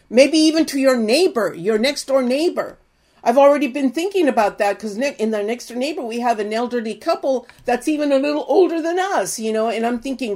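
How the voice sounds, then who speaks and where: High-voiced older woman preaching testimony. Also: animated, normal speed, a little mellow. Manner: earnest storytelling, exhorting listeners.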